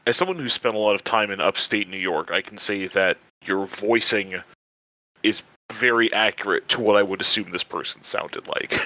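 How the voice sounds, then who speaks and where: A man's voice: on the low side, normal speed, bright, forceful tone, no room sound, rough recording. A man co-hosting a podcast, chatting casually and backing up his co-host. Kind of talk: casual chat.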